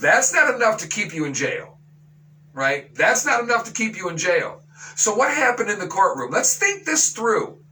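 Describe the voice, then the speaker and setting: A man's voice: high voice, big pitch swings, moderate pace, sharp tone, far from the mic, poor audio. A man hosting a talk radio show, ranting with outrage and sarcasm and slipping into mocking voices. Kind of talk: opinion talk radio monologue.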